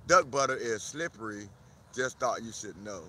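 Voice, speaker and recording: A man from South Florida chatting casually on a live stream outdoors in a park, animated and greeting viewers by name. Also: medium pitch, moderate pace, a little hiss or hum.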